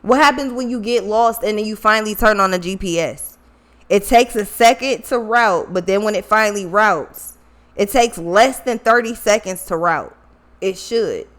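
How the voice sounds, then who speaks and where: A woman's voice: mid-range voice, normal speed, fairly bright tone. Woman doing a tarot reading, blunt, cusses a lot, keeps repeating herself. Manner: blunt, swears freely, repeats herself for emphasis. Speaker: tarot reader. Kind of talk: casual spiritual tarot reading.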